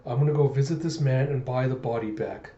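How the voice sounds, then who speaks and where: A man voicing a calm, kindly male doctor who speaks in a measured way. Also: mid-range voice, reverberant, lo-fi sound, close to an everyday voice.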